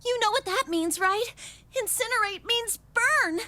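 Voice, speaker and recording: Brash, swearing woman, very high and bright, played by a man; impatient and exasperated. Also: lively intonation, unhurried, exaggerated voice. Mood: irritated. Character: brash, foul-mouthed adult woman, impatient. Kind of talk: let's play character voice.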